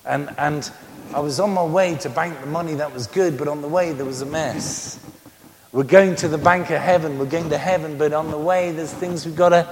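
A man's voice: fairly high pitch, normal speed. A man in his sixties preaching a sermon, joking and telling stories between repeated amens. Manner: animated, joking storyteller with many amens. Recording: reverberant hall with faint noise.

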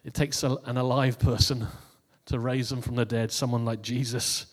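Speaking at a moderate pace and a medium pitch, a man preaches a relaxed New Year sermon, amusing himself with his own jokes and then reading a passage of scripture. The room's reverb leaves a long tail after every phrase.

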